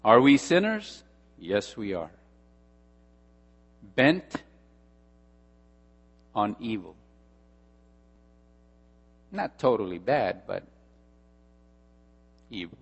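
Slow, emphatic preaching man in a hall. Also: lowish voice, big pitch swings. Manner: emphatic, with dramatic pauses and repetition. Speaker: pastor. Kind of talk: sermon. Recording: long hall reverb with mains hum.

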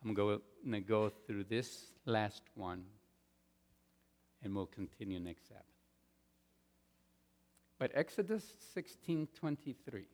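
A man preaching a sermon as pastor, stressing points loudly and then dropping to quiet asides. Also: fairly low pitch, expressive, slow, pauses often. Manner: emphatic, swings between loud stresses and quiet asides. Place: church sanctuary. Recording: long reverb of a large hall.

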